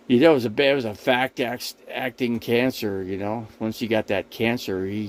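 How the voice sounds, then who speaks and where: Hosting a casual livestream from the RV he lives in, a man addresses his viewers' chat directly in a rambling, repetitive, defensive manner. His fairly low voice comes through a rough recording with a little hiss or hum.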